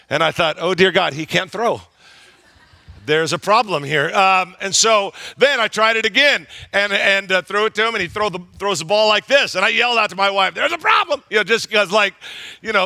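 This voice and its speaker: A man's voice: high-pitched, dry recording. A pastor in his fifties preaching a sermon in a church, telling stories with humor and acting out the voices in them. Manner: storytelling, animated and humorous, acts out quoted voices. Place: church sanctuary.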